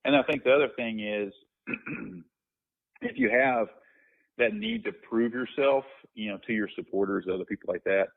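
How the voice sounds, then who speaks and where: A man's voice: mid-range voice, expressive, moderate pace, vocal fry, slightly rough, narrow, tinny audio. A man telling stories in a podcast interview as a guest minister, reflective, with many restarts and fillers.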